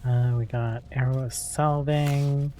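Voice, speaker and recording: A man hosting a casual let's-play, musing aloud as he plays, with a relaxed tone. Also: mid-range voice, takes it slowly, slight background noise. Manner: relaxed, musing, with many fillers. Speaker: gameplay host.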